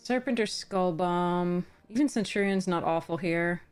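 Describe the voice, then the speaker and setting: A young woman chats with her stream audience while she drafts cards, thinking out loud and greeting viewers. Her voice sounds a little tired, and soft music plays behind her. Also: fairly low pitch, unhurried, clear, resonant tone. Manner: chatty, thinks aloud, greets chat warmly.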